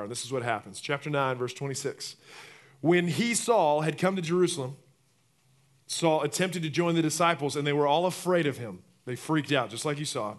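Man, pastor, sermon, slightly high voice, acts out quotes, loud to hushed swings.

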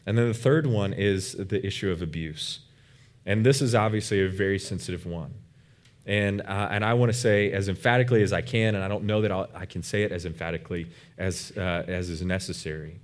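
A man's voice: sits low, fairly quick. A man preaching a sermon as a pastor, earnest and emphatic, with frequent fillers and restarts.

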